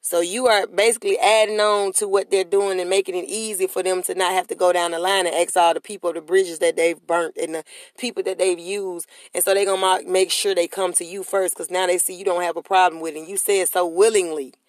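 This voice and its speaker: A woman motivational speaker with a lowish voice and flat delivery talks fairly quickly to viewers, with no echo. Her monologue is casual, slangy street talk, emphatic and repetitive, and she leads listeners in call-and-response chants.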